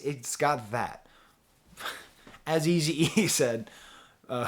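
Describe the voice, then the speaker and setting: A man's voice: mid-range voice, lively intonation, slow, pauses often. A man talking casually as a music reviewer, rambling and chatty, with frequent restarts and easy laughter. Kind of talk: casual album review talk.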